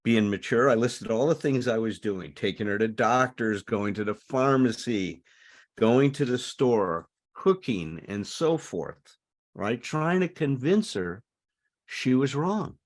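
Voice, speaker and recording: A man speaking in a recovery group, reading a passage aloud and commenting on it in an earnest, animated way. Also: mid-range voice, slow pace.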